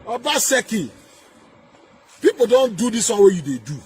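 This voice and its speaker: Nigerian guy on a fiery political rant, very high voice, sing-song, keeps repeating himself. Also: big pitch swings, moderate pace, breathy edge. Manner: emphatic, repeats phrases, sing-song rises and shouted bursts. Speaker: political commentator.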